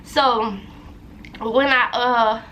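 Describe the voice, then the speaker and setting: A woman's voice: on the high side, steady tone, extremely slow, pushed and bright, slight background noise. A young woman telling a personal story to her viewers in a loose, repetitive, chatty way. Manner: talkative, loose, repeats phrases, addresses viewers as y'all. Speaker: vlogger.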